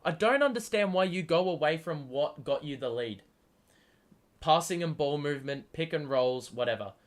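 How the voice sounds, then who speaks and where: A man's voice: a little high, moderate pace. A man hosting a live basketball watchalong stream, giving play-by-play and swearing freely as he argues with the players. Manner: excitable, swears often, talks back at the players. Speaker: host. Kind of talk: live sports watchalong commentary.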